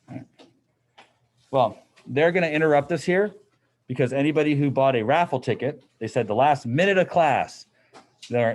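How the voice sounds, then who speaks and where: A man's voice: medium pitch, fairly quick. A middle-aged man teaching a physics class in a classroom, explaining in a casual, conversational way. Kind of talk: classroom lecture.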